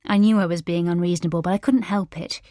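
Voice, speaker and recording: A woman reading a first-person thriller audiobook in a measured, quietly scornful manner. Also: on the low side, steady tone, no room sound, studio quality. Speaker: audiobook narrator. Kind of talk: first-person scripted narration.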